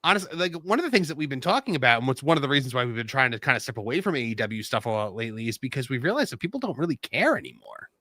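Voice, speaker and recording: Bright, lively man rambling about wrestling. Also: medium pitch, very fast, hardly any pauses, no echo, clean studio sound. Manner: rambling, heavy on "like". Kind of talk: casual chat.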